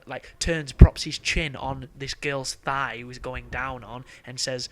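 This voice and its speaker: A man's voice: mid-range voice, fairly even intonation, normal speed, hardly any pauses, fairly bright tone. A young man giving casual gameplay commentary, rambling and swearing freely with frequent laughs. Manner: rambling, profane, laughs often.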